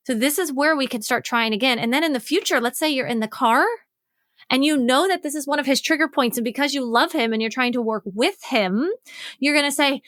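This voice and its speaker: A woman relationship coach explaining a method on her own podcast, frank and animated, acting out both partners' lines. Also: high voice, a little fast, dry recording, clean studio sound. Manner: frank, swears casually.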